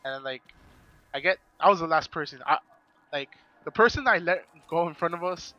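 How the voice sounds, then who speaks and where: Bright-voiced man telling a rambling story. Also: on the high side, lively intonation, brisk, highs cut off. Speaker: podcast guest. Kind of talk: casual chat.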